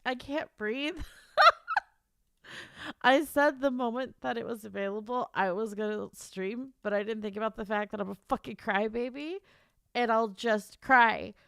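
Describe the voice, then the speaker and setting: A woman streamer talks in a high, smooth, clear voice, emotional and close to tears. She rambles and restarts her sentences while chatting to her viewers. The sound is dry and close. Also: normal speed, fairly bright tone, dry recording. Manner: emotional, tearful, giddy rambling; stammering restarts. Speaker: author and streamer. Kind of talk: casual livestream chat.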